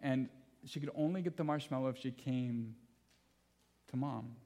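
A man delivering a sermon with earnest emphasis, leaning on repeated key phrases. He shifts easily into personal anecdotes with gentle humor, speaking at a middling pitch. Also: normal speed. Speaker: pastor.

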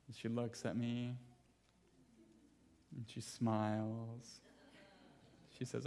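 A man's voice: mid-range voice, flat delivery, measured pace, long pauses, a little mellow. A man preaching a sermon in an earnest, emphatic way, repeating key phrases and weaving in personal stories with light humor. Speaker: pastor.

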